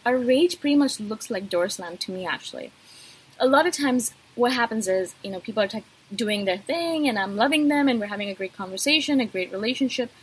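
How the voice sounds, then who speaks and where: A woman's voice: a little high, husky, low-quality recording. A woman vlogger talking straight to her viewers in an intense, passionate way. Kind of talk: direct-to-camera talk.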